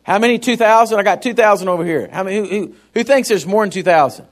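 A man's voice: high voice, quick pace. A man preaching a sermon, calling out to the congregation and acting out the people in his stories. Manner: calls out to the congregation, acts out stories in voices. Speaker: pastor.

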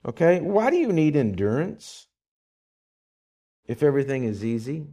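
A man's voice: mid-range voice, very animated, unhurried, mellow. A man who is a pastor, preaching a conversational sermon in a church, with rising bursts of energy.

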